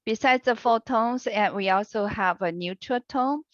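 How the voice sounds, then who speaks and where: A woman teaching an online language class over a video call, with a patient, encouraging manner and unhurried explanations. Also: a little high, no room sound. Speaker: online Chinese language instructor. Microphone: computer mic on a video call. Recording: lo-fi video-call audio, dry.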